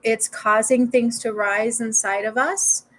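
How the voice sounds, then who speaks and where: A woman's voice: a little high, fairly even intonation, measured pace, a bit bright, poor audio. Casual woman chatting live to viewers. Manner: casual, swears, repeats words for emphasis. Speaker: spiritual healer streaming live.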